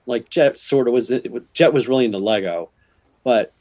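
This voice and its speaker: A man's voice: mid-range voice, moderate pace, dry recording. A middle-aged man in casual chat, laughing easily and swearing, on a video call. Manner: animated, laughs easily, profane.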